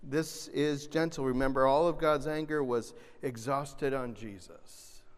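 A man preaching a sermon, animated, swinging between loud emphasis and soft, gentle asides. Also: mid-range voice, a little slow, smooth. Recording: long reverb of a large hall.

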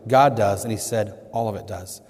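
A pastor speaks earnestly in his sermon at a moderate pace, his lowish, slightly mellow voice rising with emphasis on passages from scripture. The long reverb of a hall colors the recording.

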